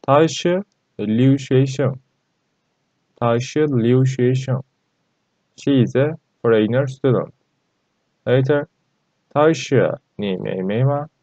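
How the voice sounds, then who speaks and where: A man gives a language lesson at a slow, careful pace. He repeats each phrase and fills the pauses with hesitant fillers. The recording is dry and dull, lo-fi with little room sound. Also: mid-range voice, dark tone, dry recording. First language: Turkish. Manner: halting and repetitive, many fillers. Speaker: Chinese language teacher.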